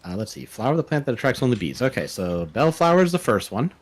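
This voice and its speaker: Male streamer, animated pitch, casual, narrates his own puzzle-solving. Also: fast talker. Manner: thinking aloud while solving puzzles. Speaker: streamer guest. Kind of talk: casual live-stream chat.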